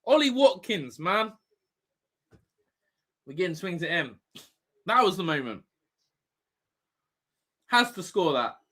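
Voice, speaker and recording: A man hosting a live football watch-along, reacting loudly, swearing and shouting advice at the players. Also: sits high, very animated, slow pace, long pauses. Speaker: fan watch-along host.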